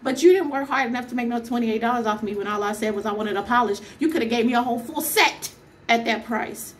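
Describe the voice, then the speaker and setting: A woman's voice: a little high, quick pace, slight background noise. A young woman vlogger telling a story as a casual rant, exasperated and emphatic, firing off rhetorical questions.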